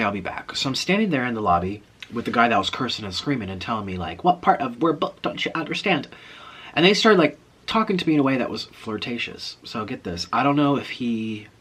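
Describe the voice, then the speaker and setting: A man with a slightly husky voice tells a story to the camera in an animated, chatty way. He jumps into other people's voices as he talks, and his pitch stays in an everyday middle range. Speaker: vlogger. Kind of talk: storytelling vlog.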